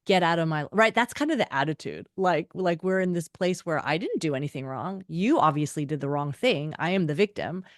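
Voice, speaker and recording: Lively, expressive woman author storyteller. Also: a little fast, hardly any pauses, dry recording, clean studio sound. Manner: expressive, acts out quotes with big pitch jumps. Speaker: author and podcast host, guest. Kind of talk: animated storytelling interview.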